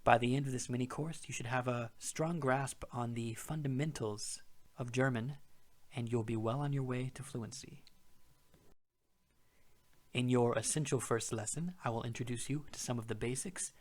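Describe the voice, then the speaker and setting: A man's voice: mid-range voice, fairly even intonation, moderate pace. A man narrating a beginner language lesson, explaining words patiently and step by step. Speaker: language teacher.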